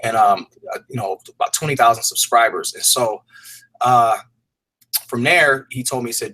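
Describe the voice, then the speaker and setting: A man's voice: medium pitch, normal speed, long pauses, pushed and bright, slightly rough, poor audio. A man telling a personal story as an interview guest, earnest and rambling, with casual slang and frequent restarts. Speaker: fitness program creator, interview guest.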